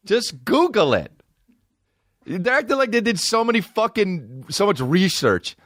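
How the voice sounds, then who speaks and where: Male comedian host, profane ranter, lively pitch, dry close sound. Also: unhurried, dry recording. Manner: profane, animated, swings between loud outbursts and low mutters. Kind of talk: ranting comedic monologue.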